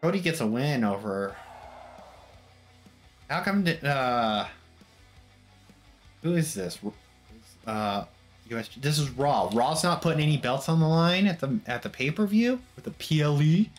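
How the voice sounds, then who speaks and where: A man's voice: a little high, animated, measured pace, long pauses. A man giving casual, wry game commentary as he recaps wrestling matches, dropping mock quotes. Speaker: gameplay commentator. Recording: background music under voice. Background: background music.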